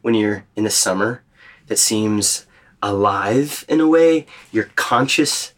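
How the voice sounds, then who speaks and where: Male retreat leader, slightly low voice, reflective teaching tone, asks the group questions. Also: animated, slow. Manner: thoughtful, gently questioning.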